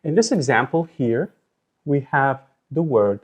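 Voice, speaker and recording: A man teaching a recorded language lesson, sounding out syllables slowly and deliberately. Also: mid-range voice, lively intonation. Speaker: Arabic teacher.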